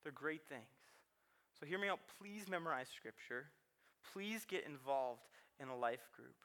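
A man's voice: fairly high pitch, expressive, measured pace, bright, forceful tone. A man in his thirties preaching a sermon in a chatty, self-deprecating way, laughing often and repeating words. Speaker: pastor.

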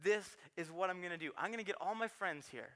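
Man playing an excited little boy, breathless and eager, voice pushed high and bright. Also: quick pace, heavily acted. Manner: breathless, eager, repeats "Daddy, Daddy".

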